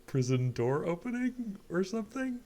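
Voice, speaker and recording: A man's voice: sits high, very animated, moderate pace, slight background noise. A man reading a game aloud on a livestream, with playful, laughing asides. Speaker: streamer. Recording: loud game music behind.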